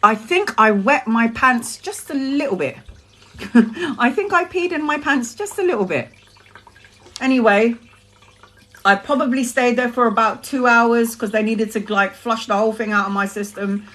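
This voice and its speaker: A woman from Brazil, a tarot reader, telling a story on a live stream with a lively, laughing and swearing manner. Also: a little high, normal speed.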